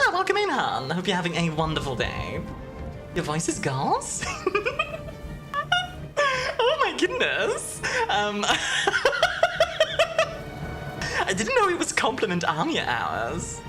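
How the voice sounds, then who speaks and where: Deep-voiced, giggly woman streamer from Belgium. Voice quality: deeper voice. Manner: giggly, warm toward chat, chatty. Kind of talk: casual live-stream chat with viewers. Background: background music.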